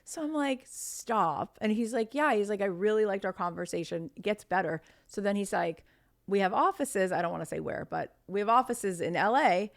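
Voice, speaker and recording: A woman in her thirties, a podcast guest telling stories in casual conversation, chatty and animated with lots of fillers. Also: medium pitch, normal speed, vocal fry.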